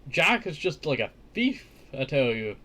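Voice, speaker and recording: A man's voice: mid-range voice, very animated, a little slow, a bit bright. A man hosting a casual storybook reading, breaking off into chatty, joking asides. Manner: chatty, joking asides, says "I tell you" often. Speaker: host reading a children's book.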